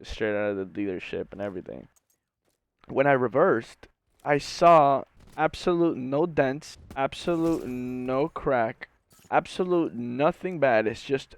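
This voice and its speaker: A man's voice: mid-range voice, unhurried, vocal fry, clean tone, no room sound. A young man, a university student, telling a rambling casual story full of slang and fillers. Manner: rambling, slangy, says bro and like a lot. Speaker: university student and gaming channel host.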